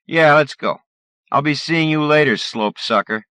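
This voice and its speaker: A man's voice: fairly high pitch, unhurried, bright, forceful tone, clear, resonant tone, no room sound, pitched above the performer's own voice. A man voicing a swaggering teenage bully boy who taunts in a crude, jeering way. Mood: taunting.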